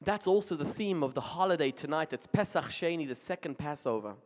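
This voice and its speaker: A rabbi from Zimbabwe giving a storytelling sermon, telling jokes animatedly and with emphasis, in a large music hall. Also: male voice, on the high side, expressive, brisk.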